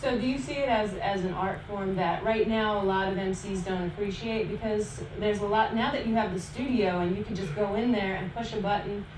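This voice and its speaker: A woman's voice: medium pitch, a little fast, hardly any pauses, darkish tone. A woman interviewer asking rambling, probing questions. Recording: echoey room, far from the mic, with noise.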